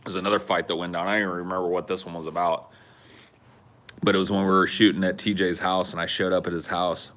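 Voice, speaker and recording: A man in his thirties telling a wild story as a podcast co-host in casual chat, cursing freely and acting out the quotes loudly. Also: deep voice, fast talker. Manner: animated, swearing, acts out quotes loudly.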